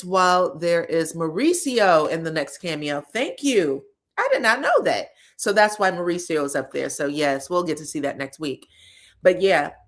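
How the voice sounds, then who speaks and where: A woman hosting a reality TV recap, talking casually and sassily, laughing often and acting out what the cast said. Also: on the low side. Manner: animated and sassy, laughs a lot, acts out quotes.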